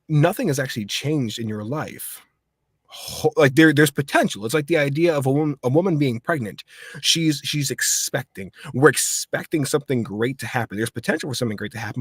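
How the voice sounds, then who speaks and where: A man's voice: medium pitch, husky, no echo, clean studio sound. A man hosting a casual political livestream chat, talking in a rambling, heated way with many restarts. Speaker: host.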